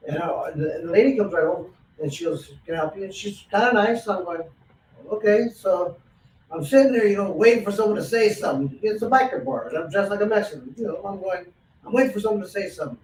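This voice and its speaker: Male interview host, chatty storyteller, slightly higher voice, echoey room with faint hiss. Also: animated, quick pace, darkish tone. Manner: storytelling, acts out quoted lines. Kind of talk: casual interview chat. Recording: roomy echo, distant mic, faint noise.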